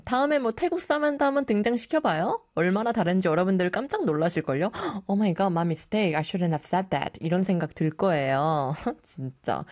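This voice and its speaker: Woman radio host in her thirties, very fast and lively. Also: fairly low pitch, dry recording, clean studio sound. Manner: chatty, laughs often, switches between English and Korean. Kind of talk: casual bilingual radio hosting.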